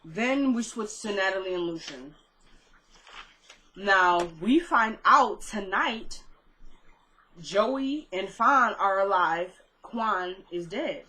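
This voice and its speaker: A woman giving a casual, chatty recap of a TV episode, slangy and quick to slip into quoting the characters' lines. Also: mid-range voice, animated, pushed and bright, low-quality recording. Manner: chatty, slangy retelling that jumps into quoted dialogue.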